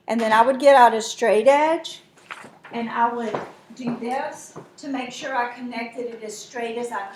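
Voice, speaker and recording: Woman math teacher, higher voice, patient step-by-step explainer. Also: slight background noise. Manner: explains step by step, checks in with students. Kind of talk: classroom lesson.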